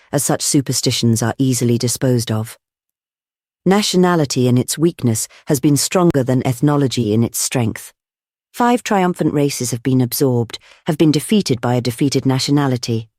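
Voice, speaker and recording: A man reading an essay audiobook in a measured, deliberate way, pausing phrase by phrase, on a close studio mic. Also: mid-range voice, a little mellow, no echo. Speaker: audiobook narrator.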